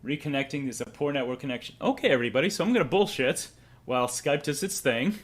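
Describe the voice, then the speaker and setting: A man's voice: medium pitch, fast. Rambling Boston man on a livestream. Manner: rambling, swears freely, talks to chat. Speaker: streamer host. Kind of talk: casual livestream chat.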